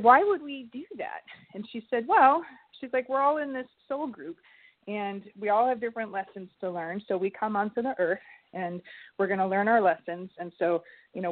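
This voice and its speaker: Lively middle-aged woman on a tinny line. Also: mid-range voice. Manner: lively, animated storyteller, acts out quoted voices. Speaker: guest, holistic health coach. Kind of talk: storytelling in a casual interview.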